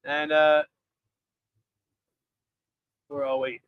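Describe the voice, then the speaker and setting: A man's voice: fairly high pitch, flat delivery, very slow, clean tone, no room sound, muffled recording. A man, hosting a casual live chat from a bar, bantering and reading out viewer messages. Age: 40s. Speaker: livestream host. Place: busy bar.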